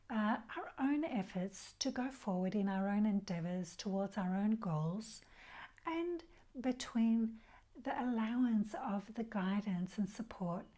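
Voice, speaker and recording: A woman speaks slowly and softly, guiding listeners through a spiritual teaching. Her voice is mellow and warm, never pushed. On key phrases it sinks into breathy near-whispers. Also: medium pitch. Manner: soft, slow and unhurried, drops to breathy whispers on key words; leads a slow, soft group mantra chant. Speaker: bhakti yoga teacher. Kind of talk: gentle spiritual talk.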